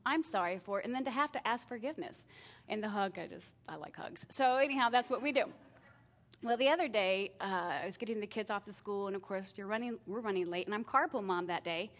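A middle-aged woman talks through parenting advice in a relaxed, chatty way. She slips into lively put-on voices for her kids and herself and laughs at her own slip-ups. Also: mid-range voice, a little fast. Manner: animated, acts out family exchanges with self-deprecating laughs. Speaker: parenting speaker. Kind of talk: casual talk on parenting.

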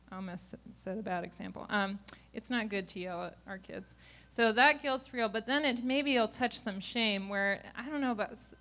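A woman's voice: medium pitch, bright, forceful tone. Candid woman teaching a parenting class. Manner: candid and self-mocking, laughs often. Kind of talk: live talk to a group of parents.

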